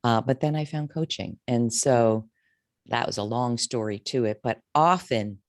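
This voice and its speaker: A career coach in her fifties shares her story candidly and emotionally in an interview, her pitch swinging widely. She speaks at a measured pace, and the studio-quality recording has no room sound.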